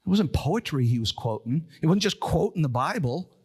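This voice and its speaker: A male pastor preaching a sermon, reading scripture low and solemn, then building to urgent, rising appeals. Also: very animated, normal speed, darkish tone, slightly rough. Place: church sanctuary.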